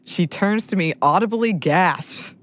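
A woman's voice: fairly low pitch, measured pace, background noise. A woman co-hosting a podcast in casual chat, chatty and often laughing as she talks. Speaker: podcast co-host.

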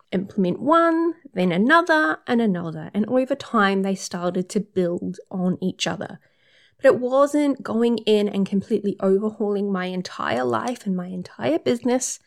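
A woman's voice: mid-range voice, animated, moderate pace. A woman working as a period coach, talking through numbered tips in an upbeat, casual advice monologue.

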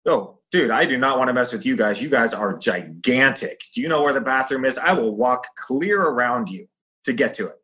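A man's voice: medium pitch, moderate pace. A middle-aged man, a former fighter, telling stories casually and acting out the voices of the people in them. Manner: animated storyteller acting out quoted voices. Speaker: guest, former pro fighter. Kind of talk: casual storytelling.

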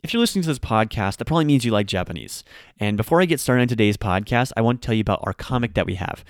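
A man hosting a casual podcast lesson on Japanese grammar, chatty and upbeat, slowing down to say example sentences with care. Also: lowish voice, lively intonation, no echo, studio quality. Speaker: podcast host and Japanese teacher.

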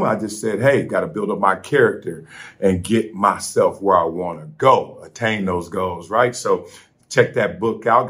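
A middle-aged man hosting a casual vlog, telling a story from his hotel room on vacation. He talks in an animated way, laughing and acting out the voices of the people he quotes. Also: fairly low pitch. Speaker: host.

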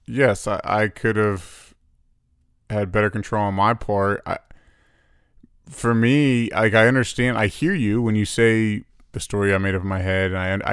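A man's voice: lowish voice, fairly bright tone, clear, resonant tone, dry recording, clean studio sound. A man in his thirties talking through a disagreement with his partner in a reflective, apologetic way. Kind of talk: candid couple's chat.

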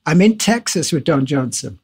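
A husky, slightly high-voiced older man tells stories as an interview guest. He is animated and swears freely, breaking into laughs as he goes. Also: moderate pace. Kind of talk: casual interview storytelling.

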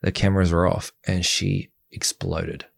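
In a candid interview, a young male guest with a deep, unhurried voice and some vocal fry acts out the words people said to him. His delivery is blunt and animated, and there's no echo.

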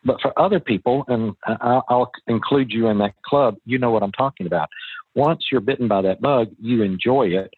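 A man's voice: medium pitch, normal speed, breathy edge, no echo. Chatty man on a tinny phone line. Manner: chatty, folksy storyteller with many restarts. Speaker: real estate investor guest. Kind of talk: casual interview talk.

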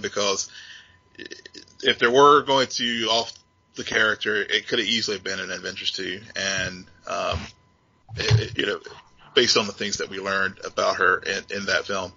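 A man co-hosting a casual podcast chat, with a husky voice and stammering restarts. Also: lowish voice, fairly even intonation, normal speed, bright, forceful tone. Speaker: podcast co-host. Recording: dull lo-fi sound.

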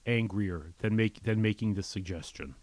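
A man's voice: on the low side, moderate pace, darkish tone, no room sound. Dry-humored man in casual chat. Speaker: guest journalist.

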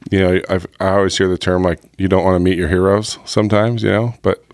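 A man hosting a podcast, chatting casually and reacting quickly to his guest. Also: low voice, level tone, darkish tone, no echo, clean studio sound. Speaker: podcast host. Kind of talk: casual chat.

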